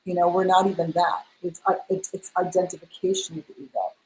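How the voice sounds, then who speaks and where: A woman's voice: fairly low pitch, a little fast, rough recording. A middle-aged woman, a spiritual mentor, telling a personal story in an interview, acting out the dialogue she quotes. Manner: animated, acts out quoted dialogue.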